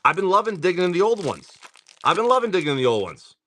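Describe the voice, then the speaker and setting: Lively man rattling off card names. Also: high voice, fast. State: just woken, clearing throat. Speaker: live card-break seller. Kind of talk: casual livestream chatter.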